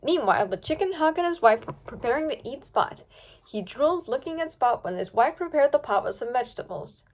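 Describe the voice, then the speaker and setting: A woman reads a storybook tale aloud with a lively, swooping delivery. Her voice sits a little high and she shifts into character voices as she goes. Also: fairly quick. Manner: lively, voices each pup and hawk with pitch jumps. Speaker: fanfiction reader.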